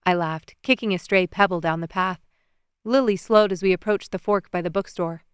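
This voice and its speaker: A woman narrates a first-person romance novel with expressive storytelling. Her voice is smooth and resonant at a mid pitch, and the close studio recording is dry with no room sound. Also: moderate pace, dry recording. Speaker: audiobook narrator.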